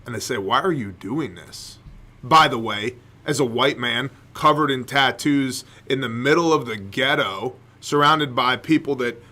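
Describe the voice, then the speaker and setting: Podcast guy preaching his point, bright ringing voice, lots of "you gotta go do" style repetition. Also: medium pitch, a little slow. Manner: preachy, rhetorical questions, emphatic repetition. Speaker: podcast host. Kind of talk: impassioned faith-based commentary.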